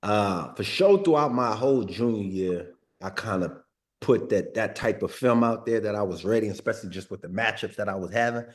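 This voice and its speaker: A man's voice: fairly low pitch, moderate pace. A man in his thirties from Northern California, a former pro football player telling stories in a sit-down interview, laid-back and full of slang, often saying "like" and repeating words. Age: 30s. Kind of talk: casual storytelling in a sit-down interview.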